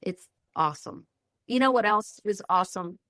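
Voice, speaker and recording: A woman's voice: mid-range voice, lively intonation, moderate pace, pushed and bright, no echo, clean studio sound. A woman in her fifties, a chef guest on a podcast, chatting in a bubbly way and describing food lovingly. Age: 50s. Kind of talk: casual interview chat.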